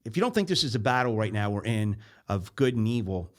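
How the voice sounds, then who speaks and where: A man's voice: on the low side, very animated, fast talker. A man hosting a podcast, talking with fervent emphasis about faith, full of fillers and restarts. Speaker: podcast host. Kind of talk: casual podcast conversation.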